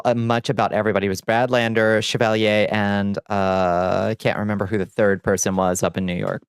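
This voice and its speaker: A man's voice: fairly low pitch, clean tone, no echo. A man chatting on a casual livestream, reading chat aloud and answering in a chatty, sardonic way, on a close desk mic. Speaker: streamer.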